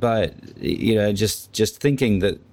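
A man's voice: fairly low pitch, animated, slow pace, creaky, a little mellow. A man co-hosting a casual literary discussion, reflective and stammering as he searches for words. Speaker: podcast co-host.

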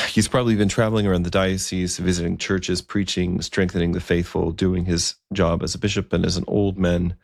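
A man telling a historical story in a relaxed, conversational way, with asides and fillers. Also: sits low, a little fast, creaky, no echo, clean studio sound.

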